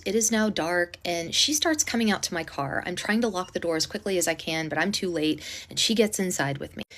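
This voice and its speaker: A woman casually telling a storytime at home, animated and indignant, acting out what others said. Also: mid-range voice. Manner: animated, indignant retelling with acted-out quotes; speaking quietly to avoid disturbing a neighbor.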